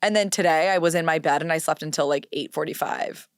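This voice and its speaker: A woman's voice: deep voice, quick pace, clean tone, dry recording, clean studio sound. A woman in her twenties hosting a solo podcast in casual, chatty talk, dramatic and self-mocking. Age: 20s. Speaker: podcast host.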